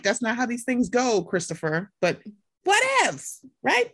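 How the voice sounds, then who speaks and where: A woman hosting a podcast in casual chat, animated and profane, acting out quotes in voices. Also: fairly high pitch, measured pace, slightly rough. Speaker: podcast host.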